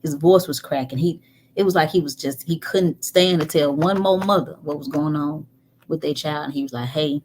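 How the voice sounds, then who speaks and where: A woman telling a painful personal story candidly, moving between animated talk and near-whispers. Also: low voice, moderate pace, a little hiss or hum. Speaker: guest. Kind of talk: emotional storytelling.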